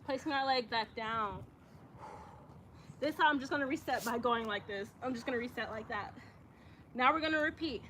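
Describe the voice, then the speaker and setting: A woman's voice: fairly high pitch, moderate pace, long pauses, sharp tone, slight background noise. A woman guiding an outdoor yoga practice, chatty and encouraging, calling her listeners y'all. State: out of breath at times. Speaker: yoga instructor. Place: outdoors in the sun.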